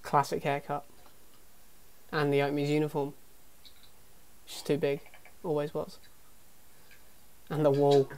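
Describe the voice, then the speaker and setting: A man's voice: a little high, flat delivery, slow, long pauses, a little mellow. A young man giving casual, self-mocking reaction commentary on his old videos, swearing often. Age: young adult. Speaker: YouTuber.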